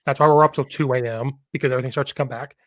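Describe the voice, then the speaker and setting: A man's voice: mid-range voice, steady tone, very fast, no room sound. A man hosting a podcast and chatting casually about coaching football, telling rambling stories with a lot of enthusiasm.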